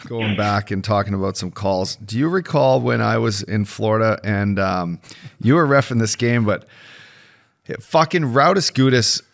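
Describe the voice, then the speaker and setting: A man's voice: on the low side, moderate pace, gravelly. A man, a former hockey player and podcast co-host, tells a story in casual chat. He laughs, swears and acts out the lines of the other players.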